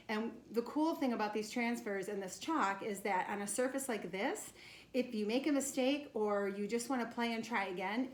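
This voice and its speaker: A woman casually unboxing a craft kit for her channel, bubbly and excited as she shows each piece. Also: a little high. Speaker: craft vlogger. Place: home craft studio. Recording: echoey room, faint noise.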